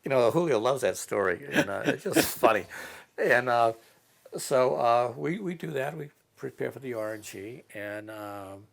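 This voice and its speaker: A man in an interview, telling stories in a casual, halting way with many fillers. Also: mid-range voice, expressive, vocal fry. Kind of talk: casual storytelling.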